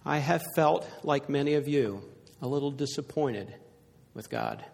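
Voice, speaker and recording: An older man preaching a sermon to a congregation, telling stories earnestly and growing hushed at the sad parts. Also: on the high side, moderate pace, creaky. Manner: earnest storytelling, dropping to a hushed voice for sad points. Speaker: pastor. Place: church sanctuary before a congregation. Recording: echoey hall reverb.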